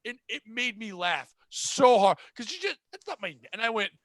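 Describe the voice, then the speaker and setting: A man's voice: extremely high pitch, moderate pace, hardly any pauses, no room sound. A man hosting a podcast, telling a retail work story in a blunt, sarcastic way and acting out the people in it. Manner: animated, acts out the people in his stories. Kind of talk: casual storytelling chat.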